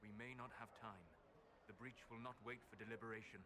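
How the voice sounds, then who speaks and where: Guy voicing a stern soldier type, grave and clipped, talks fast, game ambience noisy behind. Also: medium pitch, fairly even intonation, lightly acted. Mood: urgent. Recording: game audio with ambient noise.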